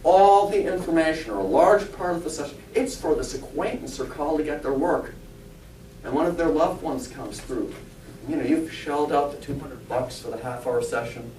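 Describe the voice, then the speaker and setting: A man's voice: on the high side, moderate pace, a little mellow. A man, a spiritualist minister and medium, giving an informal talk to a congregation, chatty and humorous, often asking the audience questions. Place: church hall. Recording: echoey church from a distant mic.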